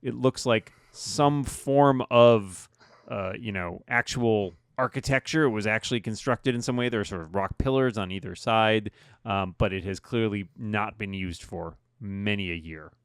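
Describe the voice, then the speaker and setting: A man narrating a tabletop game as game master, relaxed and chatty, often laughing. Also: lowish voice, normal speed, clear, resonant tone, dry recording, studio quality.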